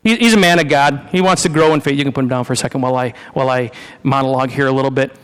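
A man's voice: medium pitch, fairly even intonation, racing, a bit bright, clear, resonant tone. A male pastor preaching an informal sermon, often repeating and restarting words as he talks with his congregation during a demonstration. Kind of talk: conversational sermon with live demonstration. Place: church sanctuary. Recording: long reverb of a large hall.

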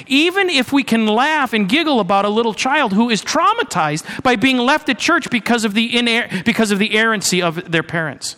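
A man preaching a sermon in a church, earnest, moving between raised urgency and low, hushed passages. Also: expressive, normal speed, few pauses. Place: church sanctuary. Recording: long hall reverb with mains hum.

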